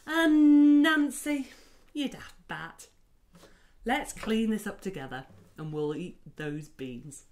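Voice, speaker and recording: A woman's voice: deep voice, lively intonation, unhurried, pitched below the performer's own voice. A woman voicing a no-nonsense grandmother in a children's story, scolding but affectionate. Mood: fond.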